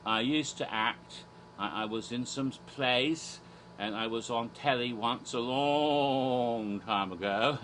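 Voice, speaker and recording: A horror theme park vlogger, an Asian man who speaks American English, puts on a fake British accent and rambles theatrically through his persona commentary, tossing in silly asides. His voice is medium-pitched and fairly bright, with slight background noise in the clip.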